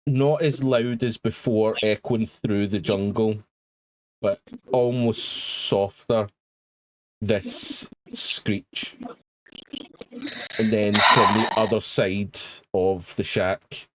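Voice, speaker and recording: Slow, halting game master man. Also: fairly low pitch, fairly even intonation, a bit bright, no room sound, rough recording. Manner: slow, halting narration with many ums. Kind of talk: narrating a tabletop horror game.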